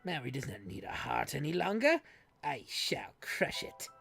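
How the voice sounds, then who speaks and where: A woman voicing a possessed, villainous woman who speaks in a low, sinister half-whisper over faint game music. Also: very animated, moderate pace, vocal fry, fairly bright tone, full character voice. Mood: menacing.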